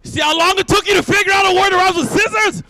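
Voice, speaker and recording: A man performing a stand-up comedy set, telling animated stories and shouting his punchlines. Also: extremely high pitch, quick pace, no room sound. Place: live event stage.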